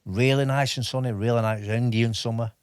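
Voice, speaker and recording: A man's voice: medium pitch, fairly even intonation, clear, resonant tone, no echo, studio quality. A man in his fifties, an army veteran, telling stories in a casual interview. He often stops and restarts his sentences. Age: 50s. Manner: halting, with many restarts and fillers. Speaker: podcast guest, army veteran.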